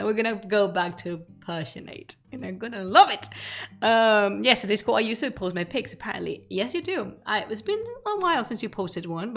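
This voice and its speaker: A woman streamer who hosts a history channel chats casually with viewers on a live stream, laughing often, restarting sentences, and using lots of fillers. Her voice is medium in pitch with a fairly bright tone.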